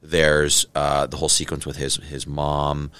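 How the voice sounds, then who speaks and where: A man from Canada, a film director, chatting in an interview and acting out scenes in quick little voices. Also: rumbling low, completely flat delivery, a bit bright, clear, resonant tone, dry recording. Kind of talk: casual interview storytelling.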